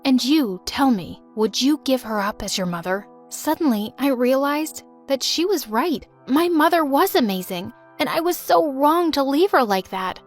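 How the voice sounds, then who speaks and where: High-voiced dramatic storytime woman. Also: animated, normal speed, few pauses, faint music behind. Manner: dramatic and emotional. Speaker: storytime narrator. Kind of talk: first-person storytime narration.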